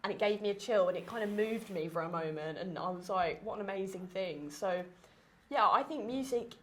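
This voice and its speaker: A woman's voice: medium pitch, a little fast, slight background noise. Congested chatty woman podcaster. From Essex, England. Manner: chatty, animated, many fillers. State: congested and tired. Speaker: podcast host. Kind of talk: casual conversation.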